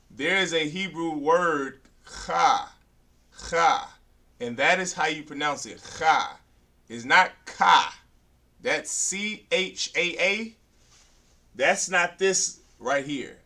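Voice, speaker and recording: A man's voice: fairly high pitch, pushed and bright, far from the mic. A man teaching a beginner language class, drilling letters aloud and then lecturing firmly.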